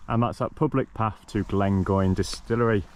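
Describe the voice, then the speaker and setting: A man's voice: fairly low pitch, normal speed, slight background noise. A man chatting casually as he walks an outdoor trail, easygoing, with frequent ums and restarts. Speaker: vlogger walking a long-distance trail. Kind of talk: casual walking vlog commentary.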